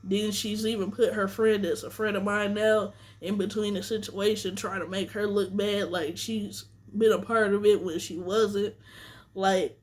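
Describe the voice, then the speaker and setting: A woman's voice: mid-range voice, steady tone, a little slow. Young woman, vlogger, casual storytime rant, venting, candid. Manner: candid, venting, talks straight to viewers.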